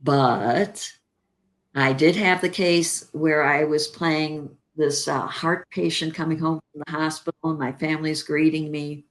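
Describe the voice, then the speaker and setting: A woman's voice: sits low, a little slow. An older woman from Chicago, an actress, telling stories in an interview and acting out the lines she quotes. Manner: animated anecdotes, acts out quoted lines. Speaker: actress guest. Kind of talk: interview storytelling.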